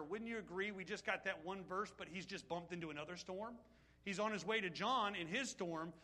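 A man's voice: high voice, pushed and bright. A man preaching a sermon, reading scripture aloud and talking directly to his congregation. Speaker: pastor.

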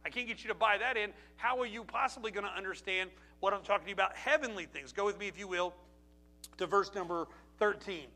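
Male pastor, middle-aged, sermon, high voice, very bright and sharp, emphatic preaching, rhetorical questions. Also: fairly quick. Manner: emphatic preaching, rhetorical questions, voice drops low and quiet at personal moments.

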